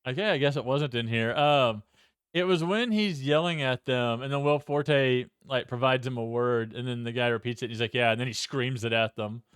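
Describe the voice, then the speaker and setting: Smooth-voiced man chatting, laughing often. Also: mid-range voice, normal speed, fairly bright tone, no room sound, clean studio sound. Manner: laughs often, searches script while talking. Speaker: podcast co-host. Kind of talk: casual film review chat.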